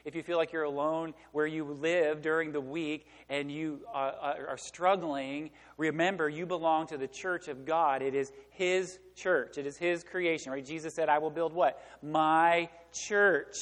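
A man's voice: fairly high pitch, steady tone, moderate pace, hardly any pauses. Preaching man in a reverberant church. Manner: emphatic preaching, asks the congregation to fill in words. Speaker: pastor. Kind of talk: sermon. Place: church sanctuary.

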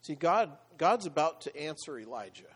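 A man preaching a sermon with a slightly raised pitch for his sex. He moves between reading scripture aloud and explaining it in a loose, conversational way, with fillers and the odd laugh. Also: big pitch swings, normal speed, husky. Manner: conversational, with fillers and laughs, voicing God in paraphrase.

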